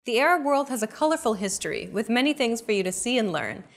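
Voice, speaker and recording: A woman's voice: a little high, big pitch swings, fast. A young adult woman hosting a language lesson, with a scripted, upbeat coaching delivery.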